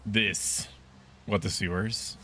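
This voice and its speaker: A man's voice: fairly low pitch, steady tone, slow, bright, forceful tone, slight background noise. A man casually commenting on a game stream, swearing freely and reading game text aloud in a jokey way.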